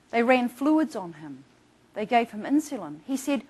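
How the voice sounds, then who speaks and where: A woman's voice: high-pitched, animated, moderate pace, mellow, rough recording. A middle-aged woman doctor gives an instructional talk about patient care. She speaks earnestly and tells case stories, acting out what her patients said. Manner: earnest, storytelling, acts out patient quotes. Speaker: doctor presenting to patients and providers.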